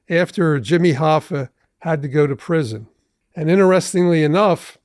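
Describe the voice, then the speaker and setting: A man in his seventies, a trial lawyer hosting his own podcast, telling stories from his cases in a measured, deliberate way. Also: on the high side, darkish tone, no room sound, studio quality. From Philadelphia area. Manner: measured, deliberate storytelling with asides. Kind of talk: storytelling podcast monologue.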